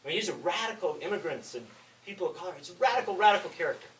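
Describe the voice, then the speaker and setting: A man's voice: high-pitched, animated, very fast, a bit bright, distant mic, poor audio. A man giving a public talk, telling history as an impassioned, emphatic storyteller.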